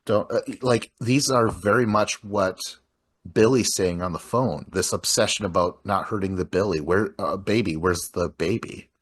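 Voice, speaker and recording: A man with a lowish voice and a husky, slightly breathy edge, chatting loosely about a film. He rambles and stacks filler words as he walks through scene after scene. The delivery is unscripted and conversational. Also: moderate pace. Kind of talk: casual film discussion.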